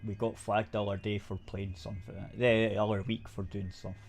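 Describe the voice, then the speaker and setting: A man's voice: fairly low pitch, little pitch movement, brisk, gravelly, over music. A man co-hosting a casual podcast, swearing freely and chiming in with corrections. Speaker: podcast co-host. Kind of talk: casual chat.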